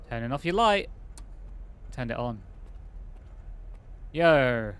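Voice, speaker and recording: A male game streamer giving casual commentary while he plays. He thinks out loud, rambles, and stops often on fillers and half-finished thoughts. His voice sits in an ordinary middle register. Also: mid-range voice, lively intonation, slow pace, long pauses, clear, resonant tone.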